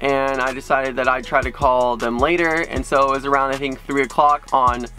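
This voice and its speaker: A man telling a frustrating story in a ranting vlog, excitable, his voice jumping up in pitch when he gets worked up. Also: moderate pace, soft background music, rough recording. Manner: excitable, frustrated retelling with sudden jumps in pitch. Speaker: YouTube creator.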